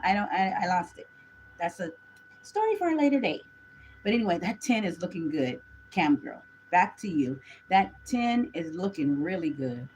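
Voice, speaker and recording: A woman's voice: lowish voice, big pitch swings, normal speed, a little mellow, slight background noise, low-quality recording. A woman gives a chatty live tarot reading, talking straight to her viewers. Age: 40s. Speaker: tarot reader.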